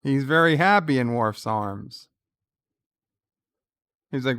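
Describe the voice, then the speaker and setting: Male stream host, calm reaction commentary, crisp voice, unhurried. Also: medium pitch, no echo. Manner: retells scenes, quoting lines in a plain voice; reads out viewer chat messages.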